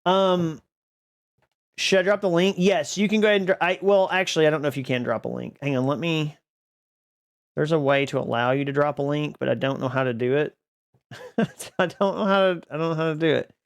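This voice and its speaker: A man's voice: on the high side, fairly quick, vocal fry. A man live-streaming a game, chatting casually with viewers in a rambling, self-deprecating way and laughing often. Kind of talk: casual live-stream chat while gaming. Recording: background music under the voice. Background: music playing.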